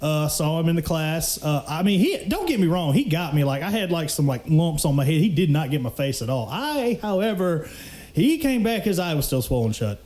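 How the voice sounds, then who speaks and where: A young man telling animated, profane stories in a casual podcast chat, laughing often. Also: a little high, fairly quick. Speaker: podcast co-host.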